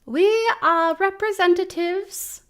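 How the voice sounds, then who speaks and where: A woman's voice: very high voice, takes it slowly, fairly bright tone, pitched above the performer's own voice, exaggerated voice. A woman voicing an earnest, bumbling cult spokesperson who delivers a made-up speech with forced solemnity. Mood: solemn, awkward.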